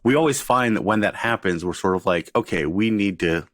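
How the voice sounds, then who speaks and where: A man's voice: on the low side, a little fast, no room sound, clean studio sound. A man hosting a podcast in a casual, joking way, laughing often as he introduces his co-hosts and guest. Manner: jokey, animated, laughs often. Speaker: podcast host.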